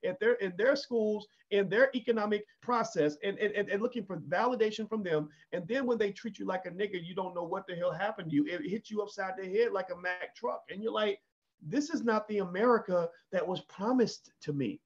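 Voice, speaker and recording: A man's voice: high-pitched, brisk, few pauses, dull audio. A man giving an emphatic opinion monologue, often asking 'right?' and restarting his sentences. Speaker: commentator.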